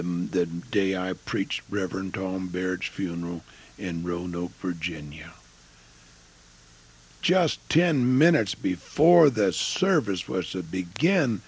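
An older man preaching, his voice gravelly and husky. He talks slowly, and his pitch ranges widely. He swings from booming rises to hushed, almost whispered asides. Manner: folksy preaching with sudden loud rises and hushed drops. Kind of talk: sermon.

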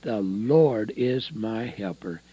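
An older man preaching a sermon, swinging between loud emphasis and hushed, low asides. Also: animated, slow, breathy edge, rough recording.

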